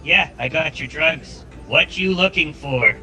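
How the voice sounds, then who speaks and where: A man's voice: a little high, measured pace, sharp tone, faint music behind, full character voice, poor audio. A synthetic male voice doing a blunt street dealer. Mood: businesslike.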